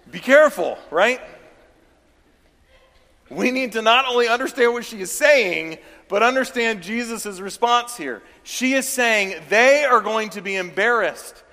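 A Southern American pastor preaches in a church sanctuary, starting conversationally and rising into emphatic bursts. His voice is high-pitched, bright, and forceful. The church hall gives it a long reverb.

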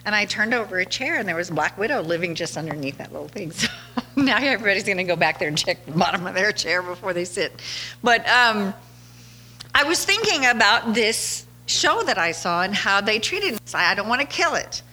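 Woman, podcast host, casual storytelling, chatty, laughs often, bright tone, mid pitch. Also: very animated, brisk, slight background noise.

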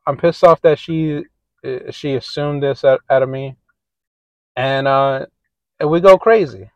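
A man's voice: mid-range voice, unhurried, a little mellow, no room sound, dull audio. A man hosting a casual podcast monologue, telling a story in a rambling, profane way. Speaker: podcast host.

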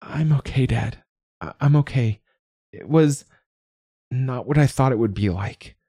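Guy voicing a croaky young woman, words tumbling out fast, pitched way up. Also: mellow, dry recording, studio quality. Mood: shaky relief. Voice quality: strained, croaking voice. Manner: rapid cascade of words. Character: young adult daughter, shaken but quick-talking.

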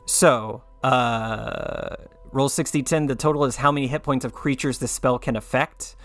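A man's voice: mid-range voice, a little slow, fairly bright tone, faint music behind. A man playing a tabletop role-playing game, reading spell rules and chatting easily in character. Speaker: player.

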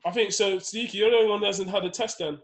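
Casting: young guy, high voice, rambling slangy storyteller in loose chat with mates. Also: steady tone, very fast. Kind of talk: casual chat among friends.

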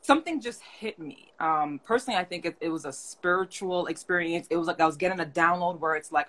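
A woman hosting a live-stream conversation, telling her story in an animated way and acting out the voices of the people she quotes. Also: sits low, fast talker, few pauses, a little hiss or hum. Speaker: host. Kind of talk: casual live-stream chat.

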